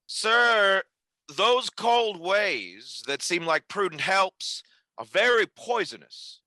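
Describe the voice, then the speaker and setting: A man's voice: high voice, big pitch swings, takes it slowly, sharp tone, dry recording, full character voice. A man playing a stern commanding tribune. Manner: commanding, declamatory. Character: stern Roman tribune calling for arrest. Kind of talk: stage play reading.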